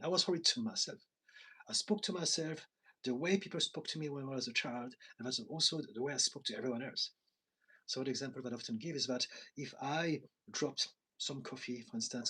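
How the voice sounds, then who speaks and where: A man's voice: medium pitch, fairly bright tone, slightly rough, low-quality recording. A man in his forties, a therapist and coach, talking earnestly and confessionally in a live chat with viewers. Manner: earnest, confessional, self-reflective.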